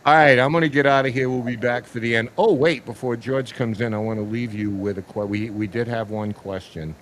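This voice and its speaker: A man hosting a podcast, chatting casually and telling stories with a teasing, animated manner. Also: medium pitch, brisk, slight background noise. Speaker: podcast host. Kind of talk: casual chat.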